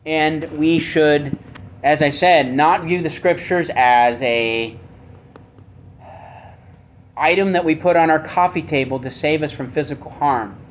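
A man preaching a sermon with emphasis, asking rhetorical questions and swinging between loud and soft. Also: fairly high pitch, a little hiss or hum. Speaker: pastor.

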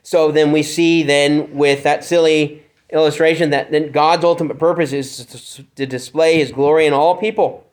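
A man preaching a sermon, his voice a little higher than most men's. He speaks earnestly and often stops to search for words, restarting his sentences and filling the gaps with fillers. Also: fairly even intonation, moderate pace, few pauses. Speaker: pastor. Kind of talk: expository sermon.

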